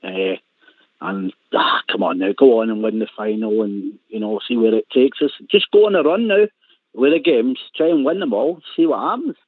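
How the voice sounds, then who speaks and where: A man's voice: mid-range voice, normal speed, dry recording. A man talking as a radio pundit in casual phone-in chat, rambling and repeating his words. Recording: tinny phone line.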